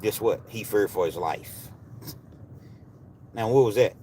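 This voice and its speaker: A man hosting a live stream, talking straight to his viewers in a heated, preachy way that often rises to shouting. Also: on the low side, measured pace, slight background noise. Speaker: livestream host.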